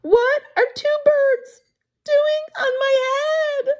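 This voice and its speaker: A woman voicing a worried male elephant in a picture-book read-aloud, yelling in shrill cries. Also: fairly even intonation, extremely slow, full character voice. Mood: upset. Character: anxious male elephant, panicky and easily upset.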